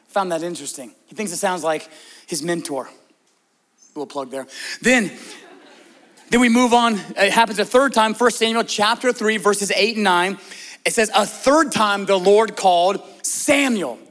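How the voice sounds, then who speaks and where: High-voiced man preaching a lively sermon. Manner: conversational, asks the congregation direct questions; emphatic, shifts between loud stresses and soft, hushed prayer lines. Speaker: pastor.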